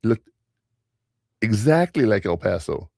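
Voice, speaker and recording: A middle-aged man hosting a podcast, telling family stories in a rambling, animated way. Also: lowish voice, measured pace, vocal fry, no room sound, clean studio sound. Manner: rambling, animated storyteller who mimics voices. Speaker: podcast host. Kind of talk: casual storytelling chat.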